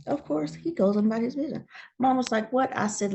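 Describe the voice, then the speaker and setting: Speaking a little fast in a fairly high pitch, a guest from Georgia, USA, shares her own story in an informal interview. She brings it to life by acting out the voices of the people she quotes.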